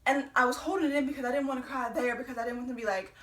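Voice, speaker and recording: Young woman, storytime vlogger, animated, profane, higher voice, distant mic. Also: rapid-fire, reverberant. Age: young adult. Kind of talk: storytime vlog.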